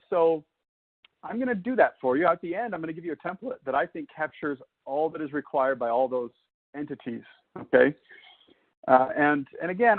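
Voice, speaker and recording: A man presenting a webinar lecture, explaining step by step in a conversational way with frequent fillers. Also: medium pitch. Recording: tinny phone-like audio.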